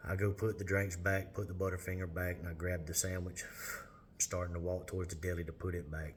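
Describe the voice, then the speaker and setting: A man telling a personal testimony in an earnest, plain-spoken way with halting pauses. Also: sits low, flat delivery, slight background noise. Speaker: lay minister sharing testimony.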